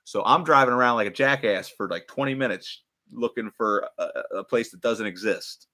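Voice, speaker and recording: Bright-voiced man telling a profane story. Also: medium pitch, normal speed. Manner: profane, animated, laughing through the story. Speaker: livestream host. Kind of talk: casual storytelling on a livestream.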